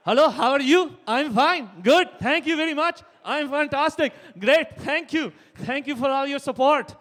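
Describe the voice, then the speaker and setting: Comic doing a bright, eager-to-please male leader, loud and high, live club reverb. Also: moderate pace. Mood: chipper. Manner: eager, repeating niceties. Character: imagined male head of government, chipper and polite.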